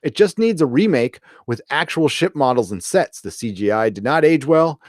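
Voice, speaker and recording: A man's voice: medium pitch, lively intonation, normal speed, a little mellow, no room sound, clean studio sound. A man hosting a live stream, reading viewer comments and rambling casually with lots of fillers, restarts and swearing. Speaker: host of a live chat show.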